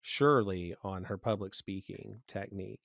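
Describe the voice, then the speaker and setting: A middle-aged man hosts a laid-back podcast chat, trading stories about everyday life. His voice is low, and the dry recording sits right up on the mic. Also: measured pace, vocal fry, dry recording. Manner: easygoing, anecdotal, breaks into loud mock rants. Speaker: podcast co-host. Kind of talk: casual chat.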